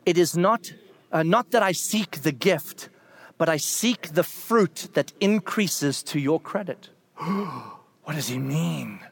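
A man with a high voice delivers a sermon in a loose, conversational way. He keeps breaking into animated acted-out quotes, his voice leaping up when he does. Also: takes it slowly, vocal fry. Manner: animated, acts out voices with big pitch jumps; casual and conversational, with fillers and restarts. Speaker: pastor.

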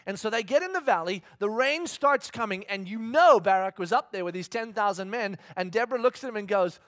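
A male pastor preaching with a high, widely swooping voice. He tells the story energetically and keeps asking the congregation questions. The sound is dry and close, with no echo. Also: expressive, a little fast, few pauses, a bit bright. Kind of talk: sermon.

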